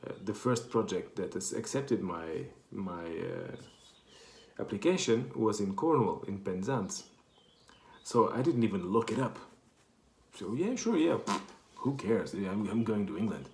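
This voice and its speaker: A man's voice: lowish voice, a little slow, gravelly. A man from Portugal with a Portuguese accent, telling a rambling, self-correcting story in casual chat. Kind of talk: casual anecdote. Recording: echoey room.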